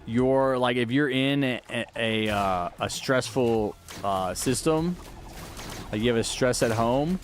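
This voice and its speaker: A man's voice: medium pitch, slow pace, slight background noise. A man from Texas streaming a game, chatting casually and answering viewer questions with plenty of fillers and restarts. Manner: rambling, answers chat questions with many fillers. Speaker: gaming livestreamer. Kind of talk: casual livestream chat while gaming.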